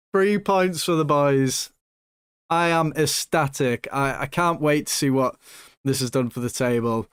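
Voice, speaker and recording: A young man commentating his own football management game, excitable and swinging between nervous hush and loud joy, swearing now and then. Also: medium pitch, smooth, no echo, studio quality. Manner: excitable, swings from hushed nerves to shouting joy. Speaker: gaming YouTuber.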